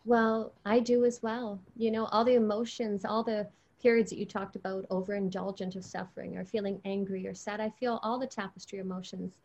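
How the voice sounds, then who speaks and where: Calm reflective woman guest. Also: mid-range voice, a little fast, hardly any pauses, dull audio. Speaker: podcast guest. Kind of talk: reflective spiritual conversation.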